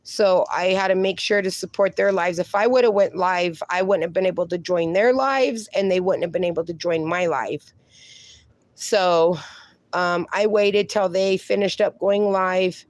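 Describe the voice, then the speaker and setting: A woman's voice: medium pitch, moderate pace, darkish tone, no echo. A woman hosting a casual phone livestream outdoors with her dogs, greeting viewers and cooing at the dogs in baby talk. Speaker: livestream host.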